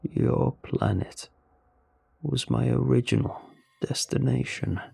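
A man voicing a stranded male alien in a storybook reading, speaking slowly in a low, gravelly voice. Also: warm tone, no room sound, exaggerated voice. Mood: rueful. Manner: slow, drawn-out delivery. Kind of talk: storybook narration.

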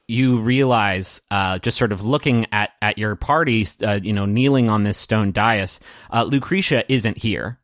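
Man narrating a tabletop game, halting. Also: fairly low pitch, a bit bright, no echo, clean studio sound. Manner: halting, filler-heavy narration. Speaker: game master.

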